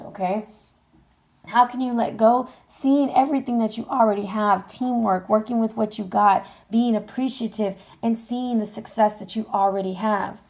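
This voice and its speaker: A woman tarot reader gives a casual reading, speaking directly to viewers in an encouraging way and regularly checking in with "okay?". Her mid-range voice is a little mellow and is starting to sound tired.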